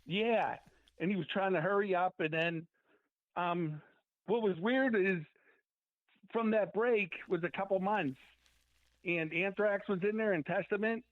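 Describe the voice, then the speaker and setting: Over a tinny phone line, a high-pitched male musician tells rambling band stories in a casual interview, performing what people said as he remembers it. The recording is dry.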